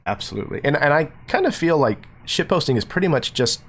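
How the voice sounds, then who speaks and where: A man's voice: on the high side, very animated, fast talker, a bit bright. Laid-back man hosting a game stream. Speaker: game master and host. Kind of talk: casual stream intro.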